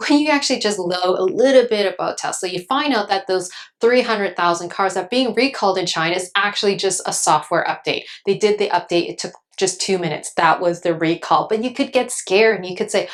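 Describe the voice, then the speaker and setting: Woman, 30s, finance YouTuber; casual, animated, chatty explainer. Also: mid-range voice. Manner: animated, acts out panicked investors in quick asides; frequent "okay?" check-ins.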